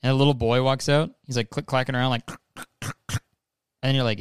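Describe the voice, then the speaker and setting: A man's voice: medium pitch, level tone, quick pace, smooth, dry recording, clean studio sound. A young man hosting a casual trailer reaction, rambling and joking with swearing. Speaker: host.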